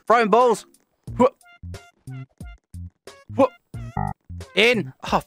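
Young man, gaming host, high voice, lively swoops, giggly, teasing, faint music behind. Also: very slow, pauses often. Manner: giggly, teasing, laughs often. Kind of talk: playful gameplay commentary.

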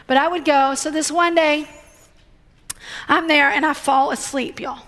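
Woman preacher, middle-aged, very high voice, chatty storytelling sermon. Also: moderate pace. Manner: animated, conversational storytelling with acted-out quotes. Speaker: guest speaker.

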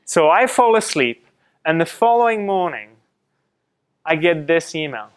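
Lively middle-aged man from France teaching a class. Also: fairly high pitch, measured pace, clean tone. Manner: lively storytelling, quotes others in acted asides. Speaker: guest speaker presenting to students. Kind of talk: classroom talk with questions to students. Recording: fuzzy mic.

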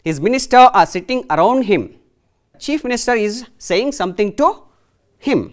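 Teacher lady on tv, explains words and quizzes students, lively up and down pitch. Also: fairly quick. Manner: explains words and asks students questions, switching between English and Kannada. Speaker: English teacher. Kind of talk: televised classroom lesson.

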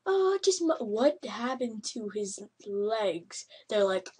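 A woman giving excitable, yelping commentary over a game she is playing. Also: on the high side, slow pace, husky. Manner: excitable, yelps and laughs at the game. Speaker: gameplay commentator. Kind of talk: let's play commentary.

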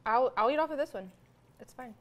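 A woman guest at a home dinner who talks softly and asks curious questions, with dishes clinking. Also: high voice, lively intonation, brisk, a little hiss or hum. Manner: soft-spoken and curious, asks lots of questions. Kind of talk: casual dinner chat.

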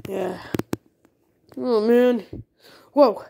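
Brief: slow, mellow-voiced woman doing goofy homemade toy-cartoon voices, pitched a bit high. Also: animated. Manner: playful, goofy, talks with many restarts. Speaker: toy cartoon creator voicing all the figures.

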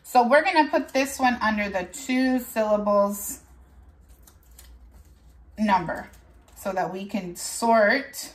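A woman teacher leading a morning lesson for young children, speaking slowly and clearly and repeating words so the class can follow along. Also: fairly high pitch, fairly bright tone. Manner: slow, clear, drawn-out classroom delivery; switches into Spanish for the date.

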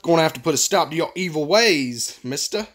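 A man's voice: a little high, animated, a little fast, fairly bright tone. A man voicing a folksy country farmer with a put-on rural American country accent, drawling playfully.

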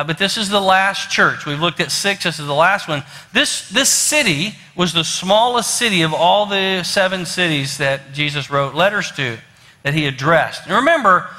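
A man with a West Virginian accent preaches to his church, his voice a bit high and very bright. He talks in a folksy, storytelling way, full of fillers and restarts. The sanctuary gives his words a long, ringing echo. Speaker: pastor. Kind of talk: sermon. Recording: long hall reverb.

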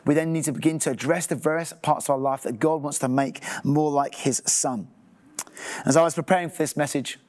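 A man preaches as a pastor, his voice sitting a little high for a man. He speaks earnestly and now and then voices the thoughts of people in the pews. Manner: earnest, acts out listeners' thoughts. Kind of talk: sermon.

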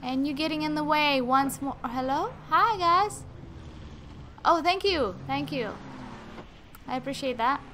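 A woman's voice: high-pitched, measured pace, pauses often, pushed and bright, slight background noise. A woman hosting a gaming video, chatting casually and talking to the game's characters as she plays. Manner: chatty, talks to game characters. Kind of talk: let's play commentary.

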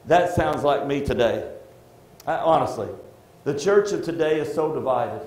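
A middle-aged man preaching a sermon as pastor, heartfelt and halting, often restarting his sentences. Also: on the high side, animated, a little mellow. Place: church sanctuary. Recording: echoey church room.

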